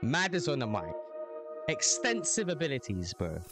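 A man's voice: fairly high pitch, huge pitch swings, moderate pace, over music. A young man hosting a reaction video, chatting casually with slangy banter and swearing.

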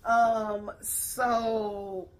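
A woman's voice: on the high side, level tone, very slow. A woman vlogger chatting casually to her viewers, blunt and profane, tired and her voice a little worn. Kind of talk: casual reaction video chat. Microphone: headphones on.

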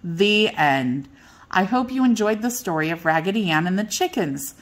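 An older woman reads a children's bedtime story, her voice gentle and unhurried. She sits at a middling pitch, steady and clear for young listeners.

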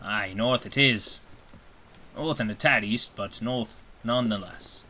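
A man's voice: fairly low pitch, unhurried, sharp tone. A man streaming a game live, commenting in playful mock-pirate talk. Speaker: gaming streamer.

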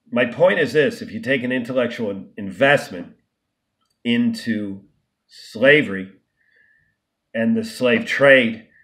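A man's voice: mid-range voice, a bit bright. A man vlogging an unscripted monologue, emphatic and indignant, often restarting and stumbling over words. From United States.

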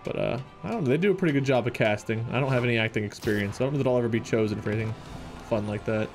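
A man's voice: mid-range voice, very fast, soft background music. A man from Ohio streaming a game, chatting casually and reading out viewer messages. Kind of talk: casual live-stream chat.

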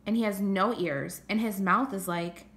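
A woman's voice: mid-range voice, moderate pace, a bit bright, slight background noise, lightly acted. A woman voicing a blunt, exasperated middle-school boy in a storybook reading. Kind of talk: audiobook character reading.

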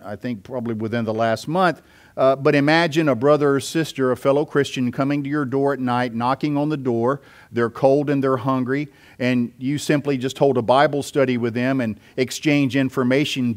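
A man, a pastor, preaching an expository sermon and explaining scripture step by step, with occasional fillers. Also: medium pitch.

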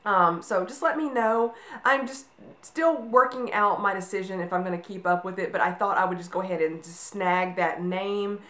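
A woman in her forties talks casually to her camera, loose and rambling, with plenty of ums. Her voice sits at a middle pitch, and the room around her rings with echo. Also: moderate pace, a bit bright. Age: 40s. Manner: chatty, rambling, with frequent ums. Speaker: vlogger. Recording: echoey room.

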